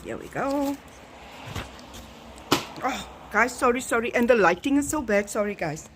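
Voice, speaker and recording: A woman's voice: on the high side, animated, unhurried, background noise. A woman with a South African accent talking casually to her vlog audience at home, emphatic and repeating phrases for effect. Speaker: vlogger. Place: home kitchen.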